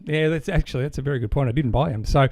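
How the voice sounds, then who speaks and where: A man's voice: mid-range voice, very fast, a little mellow, dry recording. An Australian man co-hosting a podcast, explaining things at length in an enthusiastic, rambling way. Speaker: podcast co-host. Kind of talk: casual chat.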